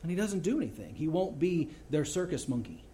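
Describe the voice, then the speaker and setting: A male preacher with a mellow, warm, fairly high voice delivers a sermon. He reads scripture aloud and breaks into lively, storytelling asides. A faint hiss sits behind his voice. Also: brisk.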